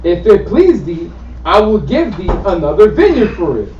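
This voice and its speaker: A man reading scripture aloud in a steady, measured way in a study group, recorded dull and from afar. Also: sits high, reverberant, distant mic, slight background noise. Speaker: scripture reader.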